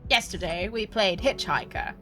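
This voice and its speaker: A woman's voice: medium pitch, moderate pace, over music. A woman streamer chatting casually and jokingly while playing a game, laughing often. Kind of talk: casual gaming stream chat.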